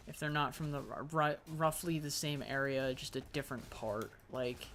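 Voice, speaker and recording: A man's voice: mid-range voice, normal speed, few pauses, a bit bright, a little hiss or hum. A young man casually commenting on his own gameplay, rambling and joking to himself as he plays. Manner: rambling, joking self-talk. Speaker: gaming video host. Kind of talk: casual let's-play commentary.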